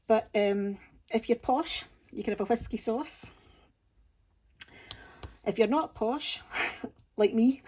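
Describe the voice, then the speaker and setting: A Scottish woman talks to camera at an unhurried pace, in a relaxed, homely way. Her voice is soft and mellow, with dry, self-deprecating humour running through her easygoing chat. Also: on the high side. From Scotland. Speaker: crafting channel host.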